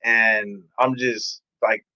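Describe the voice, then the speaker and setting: A man's voice: on the low side, level tone, extremely slow, sharp tone, dry recording, dull audio. A man, a pastor and podcast guest, telling his life story in a candid, streetwise way, acting out what people said. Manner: candid, streetwise, acts out quotes. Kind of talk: casual storytelling.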